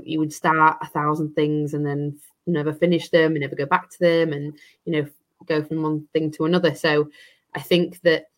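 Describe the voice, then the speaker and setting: A woman's voice: low-pitched, fairly bright tone. A woman, an estate agent, chatting as an interview guest, rambling with many restarts and fillers. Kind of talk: casual interview chat.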